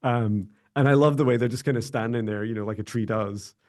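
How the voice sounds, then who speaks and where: A man hosting a casual spiritual chat, relaxed and hesitant, often laughing along with his guest. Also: medium pitch, a little fast, dry recording, studio quality. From Scotland. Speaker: host, psychic mentor.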